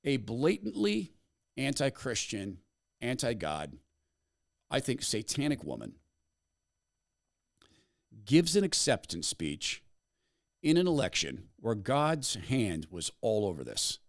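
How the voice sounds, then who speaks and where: A man's voice: medium pitch, gravelly. Guy hosting a talk show, telling a story dramatic-like, voice goes up and down a lot. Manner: storytelling, dramatic pauses, animated. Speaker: podcast host. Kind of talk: commentary monologue.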